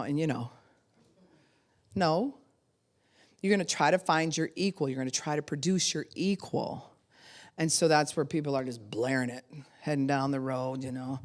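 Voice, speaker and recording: A middle-aged woman pastor preaches with a low, deep voice. She talks casually and animatedly, acting out little quotes and breaking into laughter as she goes. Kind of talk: sermon.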